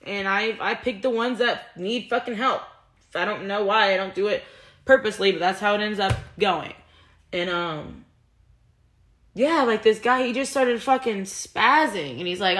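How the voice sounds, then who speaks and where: A woman's voice: mid-range voice, moderate pace, fairly bright tone. A young woman venting in a personal vlog, heated and frustrated, swearing often and rambling with restarts. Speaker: vlogger.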